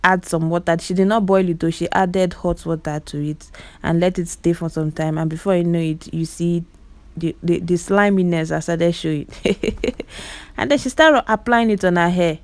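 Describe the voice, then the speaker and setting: Talking at normal speed in a low, steady voice, a woman with a Nigerian Igbo accent narrates clips as a vlogger in a dry recording. Her commentary is chatty and full of exclamations, with repeated words for emphasis and direct address to viewers.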